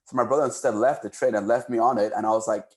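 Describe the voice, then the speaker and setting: A man from Cameroon, a podcast guest telling casual stories in an animated way, often repeating words. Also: mid-range voice, racing. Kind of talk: casual storytelling.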